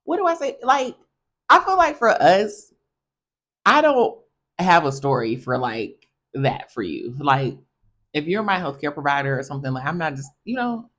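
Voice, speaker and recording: Chatty, animated woman telling stories. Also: low-pitched, normal speed. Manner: animated, chatty, addresses listeners as y'all. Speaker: podcast host. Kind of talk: casual storytelling monologue.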